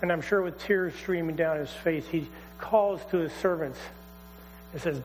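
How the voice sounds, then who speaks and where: A man pastor retelling a scripture story in a conversational, animated sermon. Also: on the high side, a little slow. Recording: hall reverb, faint mains hum.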